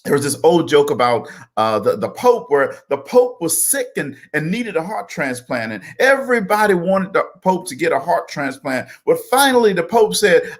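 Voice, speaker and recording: A man's voice: on the high side, moderate pace, few pauses. A man, co-hosting and telling folksy motivational stories. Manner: folksy, animated storyteller. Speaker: co-host. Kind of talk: motivational storytelling.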